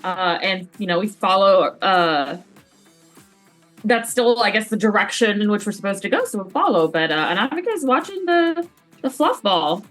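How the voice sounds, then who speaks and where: A woman playing a tabletop game, speaking quickly and hesitantly, describing her character's actions. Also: medium pitch, sing-song, fairly bright tone, faint music behind. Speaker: player. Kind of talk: casual tabletop play.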